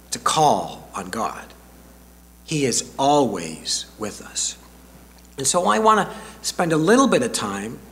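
An older male pastor delivers a sermon at an unhurried, deliberate pace. His pitch rises and falls with lively expression, and he leans on long dramatic pauses. The voice rings out through a reverberant church hall.

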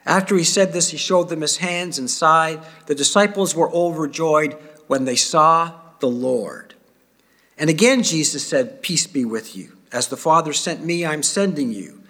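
A man giving a sermon, reading scripture aloud with feeling and dropping to quiet asides. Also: fairly high pitch, measured pace. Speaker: preacher.

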